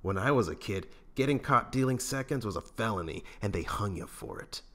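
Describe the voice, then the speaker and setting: A man's voice: fairly low pitch, animated, fairly quick, creaky, sharp tone, heavily acted. A man voicing a stubborn, sarcastic middle-aged smuggler in a fan audiobook reading. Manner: sarcastic, grumbling.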